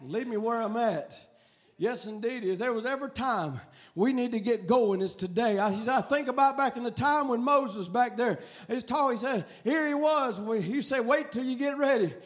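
Man, preacher, fiery revival sermon, shouting, chanting cadence, very high pitch. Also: normal speed.

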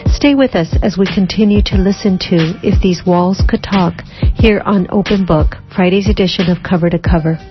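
A woman radio host reading a scripted announcement in a measured, formal way, heard over a muffled radio broadcast. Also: medium pitch. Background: music.

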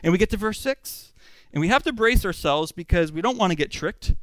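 Male preacher, expository sermon; conversational and animated, with a smooth, crisp tone. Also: very high-pitched, brisk, no room sound. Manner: animated, conversational, full of rhetorical questions.

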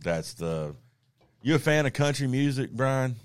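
A man's voice: medium pitch, very animated, measured pace, clear, resonant tone, dry recording, studio quality. A man with a Southern Georgia accent, hosting a casual podcast chat with jokes and cussing. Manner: drawling, joking, profane. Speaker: podcast host.

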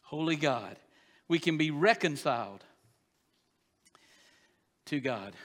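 A man preaching a sermon as pastor, animated and emphatic, dropping at times to soft confessional tones. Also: a little high, slow. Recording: long hall reverb.

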